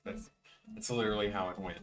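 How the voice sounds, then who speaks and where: A young male animator live-streams his work, chatting casually while drawing and telling rambling, profane stories, sometimes mimicking people. His voice is lowish and fairly bright, quick, with fairly even intonation. He sits a bit far from the mic, with faint music in the background.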